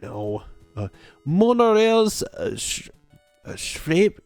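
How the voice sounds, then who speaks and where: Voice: medium pitch, big pitch swings, slow pace, pauses often, no echo, faint music behind. A streamer from Texas, giving playful, giggly commentary while playing a game and sounding out German ride names.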